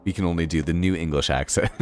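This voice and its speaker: A man from Boston with a Boston accent, chatting casually on a game live stream, rambling with lots of fillers and frequent laughs. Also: deep voice. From Boston, Massachusetts. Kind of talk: casual live-stream chat while playing.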